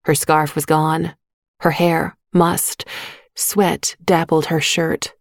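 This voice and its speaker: Low-voiced woman narrating a story. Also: flat delivery, slow, dry recording, studio quality. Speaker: audiobook narrator. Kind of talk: scripted narration.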